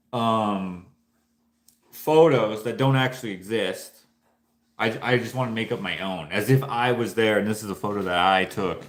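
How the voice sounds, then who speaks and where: A man hosting a casual vlog, musing and thinking aloud in a loose, rambling way with many restarts. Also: on the low side. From Canada. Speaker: painter and channel host. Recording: echoey room.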